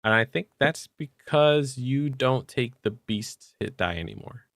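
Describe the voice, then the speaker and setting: A man co-hosting a podcast, chatting casually about tabletop game rules with relaxed fillers. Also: medium pitch, unhurried, creaky, no echo, studio quality. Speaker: podcast co-host.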